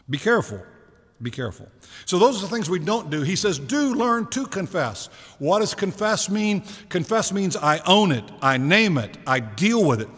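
Man preaching in a reverberant hall. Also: fairly high pitch. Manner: conversational preaching with rhetorical questions and slowed emphasis. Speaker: pastor. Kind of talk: sermon. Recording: long reverb of a large hall.

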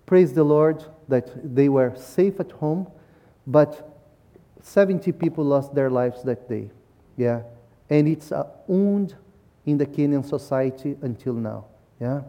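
A man's voice: medium pitch, animated, slow, warm tone. A man from Brazil, giving a talk with slides at a church service and ending most sentences with "yeah?". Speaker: missionary speaker.

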